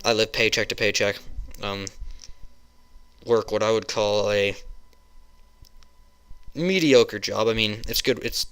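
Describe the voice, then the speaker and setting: Rambling early-20s guy, low voice with a sharp bright edge, heated rant with lots of restarts. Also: slow, pauses often, smooth. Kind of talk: webcam rant.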